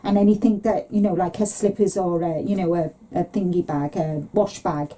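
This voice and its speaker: A middle-aged woman co-hosting a podcast in casual, rambling chat, sometimes mimicking relatives in a higher voice. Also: fairly even intonation, normal speed, dark tone. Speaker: podcast co-host.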